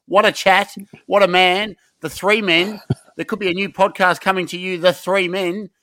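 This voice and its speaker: Bright, excitable podcast co-host. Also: male voice, high voice, dry recording. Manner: excitable, joking, quick questions. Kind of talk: casual podcast chat.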